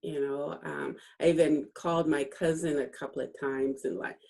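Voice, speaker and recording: A woman's voice: deep voice, normal speed, gravelly. A middle-aged woman, a guest author, telling a personal story in a casual interview, acting out the dialogue and laughing often as she remembers. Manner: animated storytelling, acts out quoted dialogue; laughs often while recalling.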